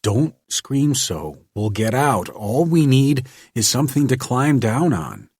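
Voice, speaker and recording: A man voicing a tough, steady jailed man. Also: mid-range voice, slow, slightly rough, no room sound, studio quality, voice pushed up, exaggerated voice. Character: hot-tempered jailed man, practical and calm. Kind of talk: storybook reading.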